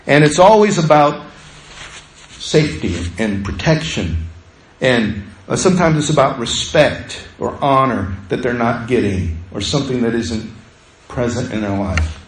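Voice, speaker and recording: A man's voice: medium pitch, lively intonation, measured pace, reverberant, slight background noise, poor audio. A male pastor preaching a sermon in a conversational way, acting out the voices he quotes.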